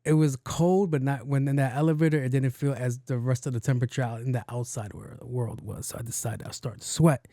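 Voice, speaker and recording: A man's voice: medium pitch, fairly quick, few pauses, dry recording, clean studio sound. A man hosting a podcast, telling a story in a casual, profane way and acting out the other people's lines. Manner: animated, profane, acts out voices in his story. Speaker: podcast host.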